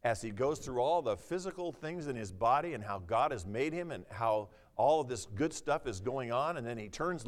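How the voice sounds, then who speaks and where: A man's voice: medium pitch, expressive, normal speed, hardly any pauses, big-room sound. A man preaching a sermon, talking conversationally with the congregation and reading scripture aloud with rising intensity. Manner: conversational, asks the audience questions, reads scripture with rising intensity.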